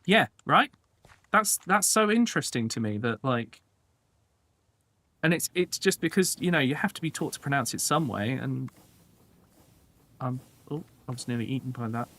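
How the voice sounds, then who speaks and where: A man's voice: mid-range voice, expressive, normal speed, long pauses, pushed and bright. A man streaming a building game, talking casually and thinking aloud to himself as he works. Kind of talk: casual live game commentary.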